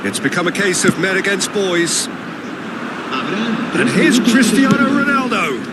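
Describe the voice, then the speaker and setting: A man voicing a football game's play-by-play commentator, excitable, rising to big shouts on goals. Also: high-pitched, moderate pace, natural voice. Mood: lively. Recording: game audio with loud background noise.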